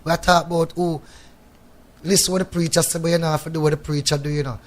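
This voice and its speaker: Speaking fast in thick patois, a Jamaican guest reggae artist reflects, a bit preachily, from a radio studio. His pitch sits somewhat high for a man and barely moves, and he often pulls listeners in with "you know what I mean".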